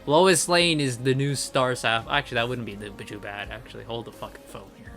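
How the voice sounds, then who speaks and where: A man's voice: medium pitch, fairly even intonation, brisk, a bit bright, faint music behind. A man reviewing comics in an angry, profane rant, repeating his points for emphasis. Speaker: comic book commentator. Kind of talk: ranting review.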